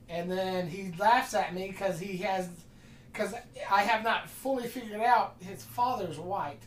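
A casual podcast storyteller who rambles and acts out every quoted exchange. The voice sits at a middle pitch and sounds roomy, picked up from a distance by the mic with faint ambience behind it. The delivery is loose and conversational. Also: a little slow, a little hiss or hum. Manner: rambling, animated retelling with quoted dialogue. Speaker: podcast host. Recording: distant mic in an echoey room.

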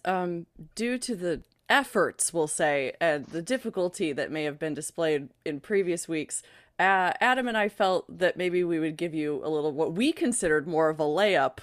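A woman's voice: fairly low pitch, moderate pace, no echo, studio quality. A woman producer on a podcast, teasing and playful, often giggling. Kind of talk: casual chat.

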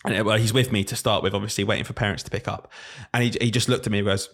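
Guy, late 20s teacher, talks fast, chatty podcast vibe, does little voices for the kids. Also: on the low side, vocal fry. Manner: animated storyteller, acts out pupils' voices. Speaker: primary school teacher and podcast host. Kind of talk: casual podcast chat.

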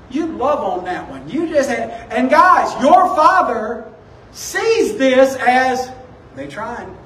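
A man's voice: very high-pitched, big pitch swings, slow pace, fairly bright tone. A man, a pastor preaching a sermon and telling stories in a loose, conversational way. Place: church sanctuary. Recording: echoey room, distant from the mic.

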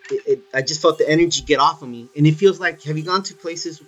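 A man rattles through a story to his friends, peppering it with curses and "dude." His voice sits a little high and comes across bright and forceful, with faint music playing behind him. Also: fast talker. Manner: swears a lot, animated, says "dude" often. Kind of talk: casual storytelling.

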